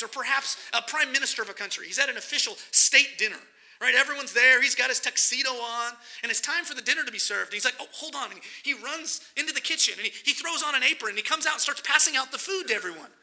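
Male preacher, high and gravelly voice, animated sermon delivery with acted-out scripture scenes.

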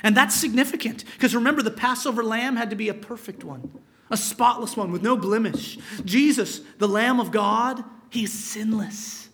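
A man's voice: very high voice, normal speed, bright, forceful tone. A male pastor preaching a sermon, reading scripture aloud and explaining it, sometimes dropping to a whisper for emphasis.

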